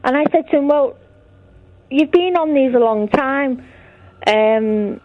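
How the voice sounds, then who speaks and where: A woman's voice: sits high, takes it slowly, dry recording. Chatty woman caller on a dull line. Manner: chatty, recounts conversations. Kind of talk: phone-in chat.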